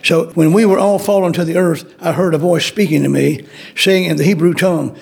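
A man's voice: fairly high pitch, fairly even intonation, fairly quick, vocal fry, hardly any pauses, a little mellow. A man preaching a sermon, emphatic and repetitive, acting out the voices in the story he tells. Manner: repetitive, emphatic, acts out quotes.

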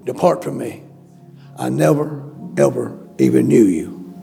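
A man's voice: medium pitch, big pitch swings, measured pace, gravelly, mellow, soft background music. A male preacher delivering a sermon, emphatic and repetitive, calling out questions to the congregation. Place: church.

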